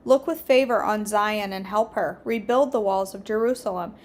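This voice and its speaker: A woman hosting a daily devotional reads scripture aloud at an average pitch for a woman. Her reading is steady and earnest, with small slips that she corrects as she goes. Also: moderate pace. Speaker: devotional host.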